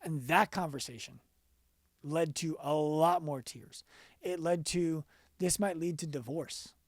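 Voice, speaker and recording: A man being interviewed on a podcast as a business coach, telling stories earnestly and going quiet for the emotional parts. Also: on the high side, measured pace, dry recording, studio quality.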